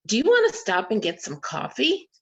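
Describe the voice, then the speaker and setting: A woman's voice: on the high side, wildly swooping pitch, moderate pace, a bit bright, husky, voice pushed up, heavily acted. A woman voicing a playful elderly woman, sly and sweet, over muffled video call audio. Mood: coaxing.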